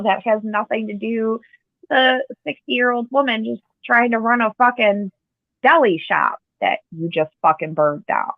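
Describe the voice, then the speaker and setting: A woman's voice: medium pitch, no room sound. A woman guest in casual chat on a call, talking in a heated, profane, impassioned way. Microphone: phone or call line. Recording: tinny phone line, dry.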